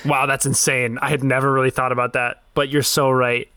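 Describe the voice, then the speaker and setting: A man's voice: medium pitch, level tone, brisk, pushed and bright, smooth. A man co-hosting a podcast, agreeably playing along in casual comedic chat. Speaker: podcast co-host.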